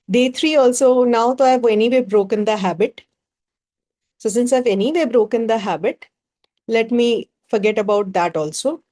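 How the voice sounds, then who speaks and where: A woman's voice: a little high, normal speed, warm tone. A woman with a Bengali-inflected Indian English accent, leading a group workshop as facilitator and working through ideas with rhetorical questions.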